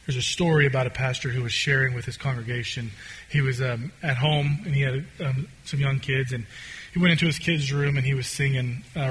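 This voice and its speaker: A man preaching a conversational sermon as a pastor, swinging between loud, excited stretches and quiet, hushed ones. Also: medium pitch, husky.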